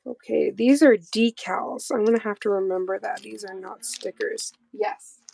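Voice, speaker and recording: A woman co-hosting a casual chat, talking in an animated, playful way. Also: mid-range voice, moderate pace, vocal fry, slight background noise. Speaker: co-host.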